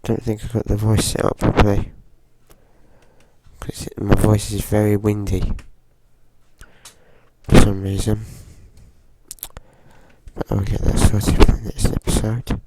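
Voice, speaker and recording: A man with a groggy voice from a cold, giving slow, hesitant casual commentary while playing a driving game. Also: lowish voice, completely flat delivery, very noisy. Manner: slow, hesitant, with frequent fillers. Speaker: gaming channel host.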